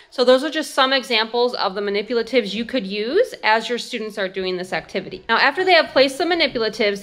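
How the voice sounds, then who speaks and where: Lady teacher demoing kids' activities, fairly high voice, stretches words out clear. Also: sharp tone. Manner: clear, deliberate, sounds out words. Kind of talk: instructional demo.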